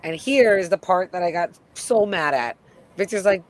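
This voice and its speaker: A man with a slightly raised pitch recaps a TV episode in a loose, chatty way. He leans on fillers like "like" and "you know" during a casual live review. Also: moderate pace. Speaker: film review co-host.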